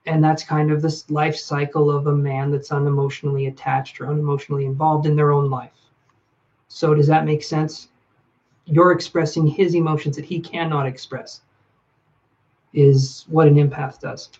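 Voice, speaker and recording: A man's voice: on the high side, level tone, moderate pace, darkish tone, lo-fi sound. A man on a live stream giving relationship advice, talking to viewers by name in a reflective way. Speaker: livestream reader and relationship advisor.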